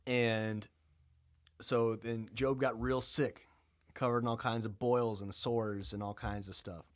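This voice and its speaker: A man co-hosting a podcast, retelling a story in a casual, animated way with acted-out voices and plenty of swearing. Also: mid-range voice, slow pace. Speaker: podcast co-host.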